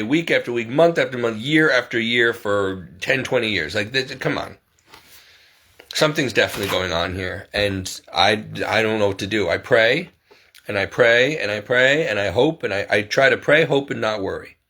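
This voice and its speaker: A man's voice: lowish voice, normal speed, bright, forceful tone. A middle-aged man telling a story in a casual vlog, rambling and exasperated, repeating himself as he goes. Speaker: vlogger.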